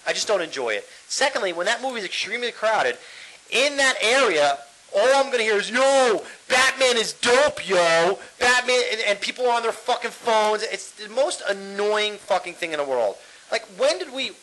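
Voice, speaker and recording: Animated, profane New man ranting. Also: high voice, poor audio. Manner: ranting, profane, laughs often. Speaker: podcast co-host. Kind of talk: casual podcast chat.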